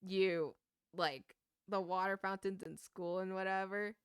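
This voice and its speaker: A young woman streaming a game, ranting casually with swearing and quick laughs while chatting to viewers. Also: medium pitch, steady tone, smooth, no room sound, clean studio sound. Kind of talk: casual gaming stream chat.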